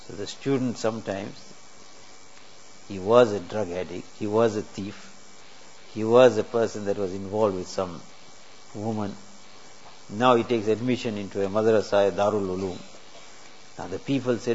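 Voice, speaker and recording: A man's voice: on the low side, normal speed, pauses often, darkish tone. A man preaching a sermon in a mosque, earnest and teaching through rhetorical questions. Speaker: Islamic preacher. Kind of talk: sermon to a congregation. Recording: dull lo-fi recording with faint hiss.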